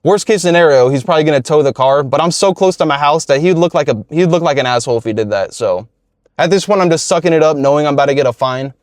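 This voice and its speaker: A man in his twenties telling a story from his life in a relaxed, slangy, profane way. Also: a little high, quick pace, dry recording, clean studio sound. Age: 20s. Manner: laid-back, profane, slangy. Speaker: YouTuber. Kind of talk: casual storytelling vlog.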